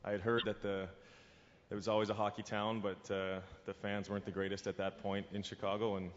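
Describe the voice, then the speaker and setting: A man's voice: lowish voice, flat delivery. A man, a hockey player on a fan panel, telling a casual story in an easygoing way with a chuckle. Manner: easygoing, chuckling, quick talker. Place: stage in a large convention hall. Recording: reverberant hall with ambient noise.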